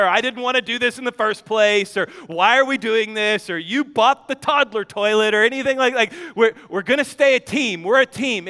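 A man's voice: sits high, clean tone. A man in his thirties preaching a sermon, telling a funny family story with laughs and acted-out voices. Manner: animated storyteller, acts out voices, laughs often. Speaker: pastor. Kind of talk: sermon with comic personal story. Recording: long hall reverb.

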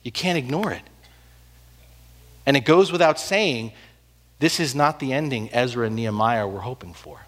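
A man preaching a sermon, telling the story with animated swings between loud and hushed delivery. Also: medium pitch, moderate pace, pauses often. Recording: long hall reverb.

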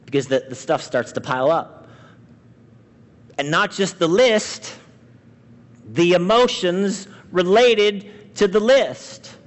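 A man preaching a sermon as pastor, swinging between loud emphatic lines and hushed quiet ones. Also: a little high. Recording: long reverb of a large hall.

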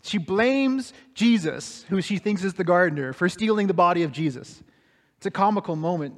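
A man preaching a sermon, telling a story dramatically and swinging between hushed, slow passages and raised, excited ones. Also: high-pitched, long reverb tail. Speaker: pastor.

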